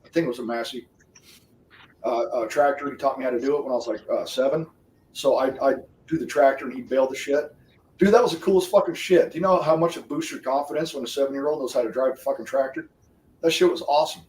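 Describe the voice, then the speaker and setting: A man's voice: medium pitch, fast talker, darkish tone. A man hosting a livestream, chatting casually with viewers, swearing constantly, laughing often and rambling. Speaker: livestream host. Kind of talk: profane casual chat with viewers. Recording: roomy sound, distant from the mic.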